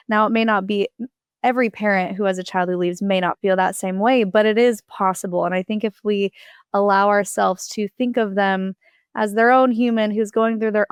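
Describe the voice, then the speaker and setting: A woman hosting an interview podcast, speaking in a warm, affirming and thoughtful way as she reflects on her guest's story. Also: medium pitch, smooth, no echo, studio quality. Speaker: podcast host.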